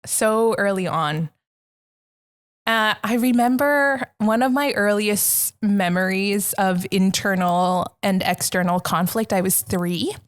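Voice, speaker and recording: A woman talks candidly as a podcast guest, earnest and reflective, often restarting her sentences. Her voice sits at an ordinary middle pitch, and she unfolds personal memories in a steady, conversational flow. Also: slow pace. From Canada.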